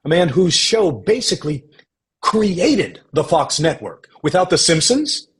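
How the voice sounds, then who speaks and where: A man guest on a podcast, telling stories in a measured, anecdotal way about his acting career. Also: a little high, big pitch swings, rough recording. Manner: anecdotal, measured, uses quoted voices. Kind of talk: relaxed storytelling conversation.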